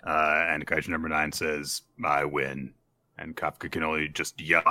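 A man's voice: sits low, a little fast, no room sound. A man casually recapping a manga chapter on a podcast, acting out the characters' lines as he goes. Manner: animated retelling, acts out character lines. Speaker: podcast co-host.

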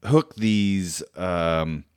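A man's voice: low-pitched, very slow, darkish tone, clean tone, no room sound, clean studio sound. A man casually telling a personal story, rambling and self-deprecating, with lots of fillers, restarts and swearing.

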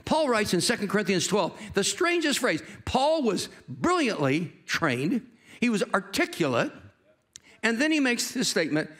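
A man preaching a sermon, telling a Bible story with animated delivery and acting out the voices of its characters. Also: high voice, normal speed. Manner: jokes with the congregation.

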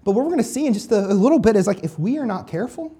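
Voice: mid-range voice, big pitch swings, rapid-fire, dark tone. A pastor preaching a sermon in a conversational, self-deprecating way, often repeating phrases.

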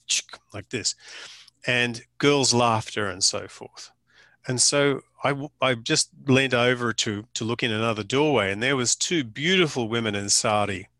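A bright-toned man spins a long story to a small group in a casual, meandering way. He restarts sentences often and drops in dry jokes. The sound is close and dry, with no room around it. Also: medium pitch, no room sound. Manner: chatty storyteller with frequent restarts and dry humor. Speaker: photographer telling a story. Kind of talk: casual anecdote to a small audience.

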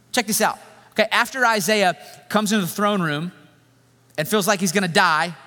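A man preaching a sermon in an animated, joking, conversational way. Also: sits high. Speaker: pastor. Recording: echoey hall reverb.

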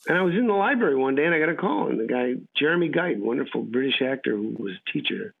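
Quick, with lively intonation and vocal fry, a mid-range male voice comes through a tinny phone-style radio line. He's an American actor in a casual interview, rambling through anecdotes and acting out people's lines.

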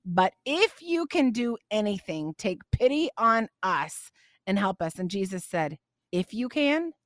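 A middle-aged woman hosts a faith podcast, answering questions and reading scripture with passion and emphasis, at times getting up on a soapbox. Her mid-range voice is very animated at a measured pace, recorded in studio quality with no room sound.

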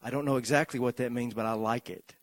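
A man preaching a sermon, moving from slow, measured lists to loud, rising repetition as he tells a story. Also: mid-range voice, fairly even intonation, dry recording.

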